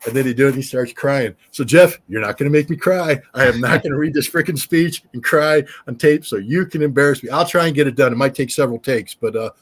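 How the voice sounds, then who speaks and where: A husky-voiced middle-aged man speaks with forceful emphasis in a relaxed interview. His voice sits at an ordinary pitch and carries a slightly rough, breathy edge as he drives his points home. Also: fast, few pauses. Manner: emphatic, animated storyteller. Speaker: guest, former weapons inspector. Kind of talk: casual interview chat.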